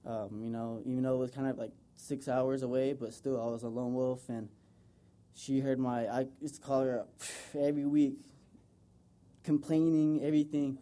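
Young man, earnest, rambling, lots of fillers, mellow tone, informal speech. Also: medium pitch, level tone, normal speed. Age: young adult. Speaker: son giving a tribute.

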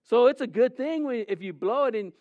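A middle-aged man preaching a sermon as pastor, his delivery swinging between emotional, raised passages and quiet, subdued confessions. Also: very high-pitched, lively intonation, a little fast, no echo, phone-quality sound. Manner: emotional preaching with rising and falling intensity.

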